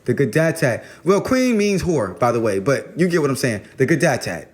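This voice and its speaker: A man's voice: medium pitch, very animated, moderate pace. A man talking casually about spirituality as a guest, rambling and slangy, often repeating words as he starts a thought.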